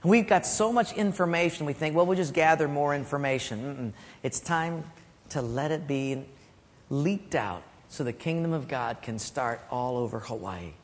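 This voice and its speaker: A middle-aged male pastor tells stories from the pulpit, his fairly high voice trailing off into a soft hush whenever he makes a point. The sound carries a long hall reverb from a church sanctuary. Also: moderate pace. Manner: storytelling, drops to a soft hush for key points. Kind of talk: sermon.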